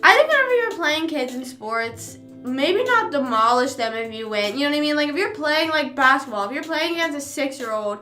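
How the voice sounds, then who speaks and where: A woman's voice: high-pitched, animated, fairly quick, hardly any pauses, bright, forceful tone. A young woman streamer rambling in casual chat at home, with lots of fillers. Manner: rambling and chatty, with frequent fillers. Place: home room. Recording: roomy echo, faint music behind.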